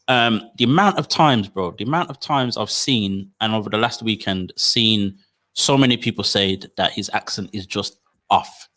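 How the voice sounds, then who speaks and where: Bright-voiced guy, chatty. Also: lowish voice, normal speed. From United Kingdom. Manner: animated, stammering restarts, slangy. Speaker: podcast co-host. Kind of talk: casual chat.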